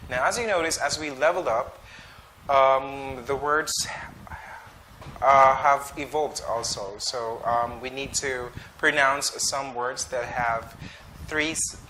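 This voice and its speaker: A man teaching an English pronunciation drill, saying each word slowly and twice with short explanations. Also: medium pitch, sharp tone, a little hiss or hum. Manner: slow, deliberate, repeats each word twice.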